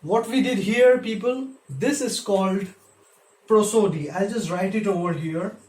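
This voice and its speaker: A literature lecturer giving a slow, explanatory video lesson, counting syllables and stresses aloud, with frequent hesitations. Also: mid-range voice, darkish tone. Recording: roomy echo.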